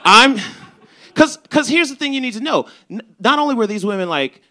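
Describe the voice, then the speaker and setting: Bright-voiced young male stand-up comic. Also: extremely high pitch, a little fast. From Chicago's South Side. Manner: animated, swearing, acts out quotes. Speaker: stand-up comedian. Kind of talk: stand-up storytelling.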